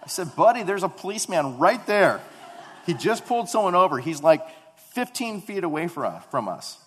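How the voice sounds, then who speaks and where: A man's voice: high-pitched, moderate pace, breathy edge. A man in his thirties preaching a sermon, telling family stories in a conversational, emphatic way. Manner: conversational storytelling, animated and emphatic. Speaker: pastor. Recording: long echo of a large hall.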